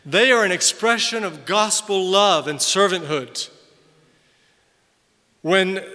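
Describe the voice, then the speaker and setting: An older man, a missionary, giving an animated conference sermon, loud on emphasis and quiet in asides. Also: high-pitched. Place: large hall. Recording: long hall reverb from a distance.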